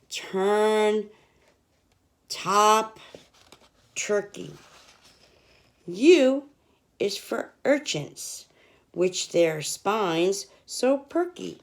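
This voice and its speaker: A young woman teaching children, reading an alphabet picture book aloud and sounding out each letter. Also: mid-range voice. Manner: slow, sounding out letters, lively sing-song.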